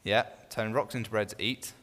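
A man's voice: lowish voice, steady tone, fairly quick, fairly bright tone. Man teaching a Bible study group in a reverberant room. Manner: conversational, with frequent restarts and questions to the group. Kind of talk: informal teaching to a small group.

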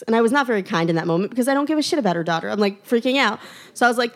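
A young woman tells a personal story in a lively, self-mocking way. She often laughs through her own lines as she builds the tale. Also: fairly high pitch, rapid-fire.

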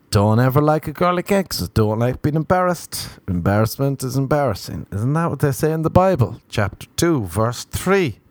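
A man's voice: mid-range voice, a little mellow, dry recording. A young Irish man doing a rambling, sarcastic, self-mocking comedic monologue. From Ireland.

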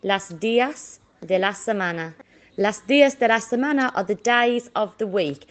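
A woman teaching children a Spanish lesson, slowly drawing out each word for them to repeat. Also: medium pitch, expressive. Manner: slow, drawn-out modelling of words for repetition.

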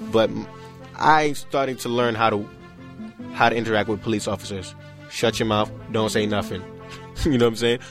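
A man's voice: lowish voice, fairly quick, music in the background. A young man, telling his story casually in an interview and acting out the voices of the people in it. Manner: animated, acts out quoted voices, frequent "you know what I'm saying". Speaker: interview guest.

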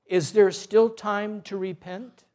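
A man voicing a once-wealthy woman who is first proud and then penitent, speaking quietly in a religious story. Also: high-pitched, flat delivery, takes it slowly. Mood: humbled.

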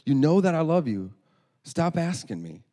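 A man's voice: medium pitch, a little fast, vocal fry, dark tone, slightly rough, in a large hall. A man voicing a stubborn eight-year-old girl who pleads and protests, repeating herself. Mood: indignant.

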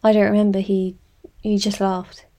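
A woman's voice: medium pitch, little pitch movement, moderate pace, mellow, lightly acted. Woman reading a weary, bitter sister. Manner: tired, curt.

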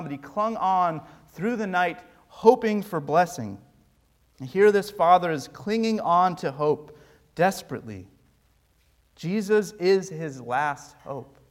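A man preaching a sermon, his clear in every line. His voice sits a bit higher than most men's. He pleads earnestly and slips in dry humor. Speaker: pastor.

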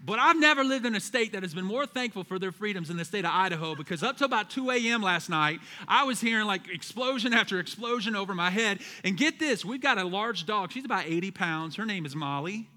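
A man's voice: high-pitched, animated, fast, hardly any pauses, bright, forceful tone, long reverb tail. A man preaching a sermon as pastor, emphatic and calling out to his congregation. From American South.

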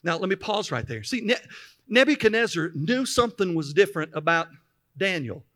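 A man's voice: high-pitched, big pitch swings, a little fast, a bit bright. A man preaching a sermon, reading scripture aloud and stopping to explain it with emphatic asides. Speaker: pastor.

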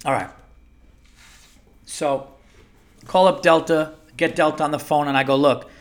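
A man with a slightly higher voice tells a comic story as a loose, profane rant. He sounds animated and exasperated as a podcast host. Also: unhurried.

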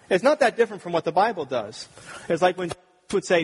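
A man preaching a sermon with strong emphasis, swinging from loud, ringing peaks down to low, quiet stretches. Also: expressive, quick pace, breathy edge. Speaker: pastor.

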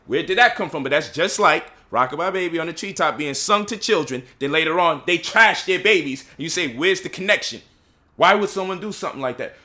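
Bright-voiced preachy New man. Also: fairly high pitch. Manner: preachy, rhetorical questions, mocking quoted voices. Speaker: speaker leading a discussion. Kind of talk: impassioned lecture.

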